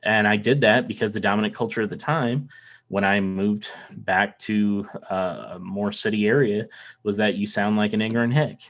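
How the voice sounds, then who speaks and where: A man's voice: fairly low pitch, fairly even intonation, moderate pace, fairly bright tone. A man from the American South, without a Southern accent, talking earnestly in a casual podcast conversation, often restarting and repeating words. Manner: earnest, rambling, with frequent restarts and repetitions.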